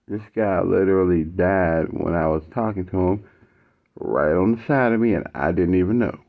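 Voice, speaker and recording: A man casually telling a personal story in animated, slangy speech, acting out the dialogue. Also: deep voice, gravelly. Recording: tinny phone-like audio.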